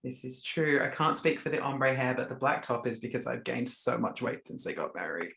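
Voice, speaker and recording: A man's voice: medium pitch, expressive, a little fast, creaky, a bit bright, echoey room. A man, joking cheekily and campily as a podcast co-host. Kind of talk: casual chat.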